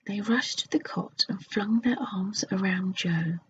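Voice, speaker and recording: Woman whispering a storybook, slow and soft. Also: mid-range voice. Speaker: ASMR storyteller. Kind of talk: whispered ASMR storybook reading. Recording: dull lo-fi recording with faint hiss.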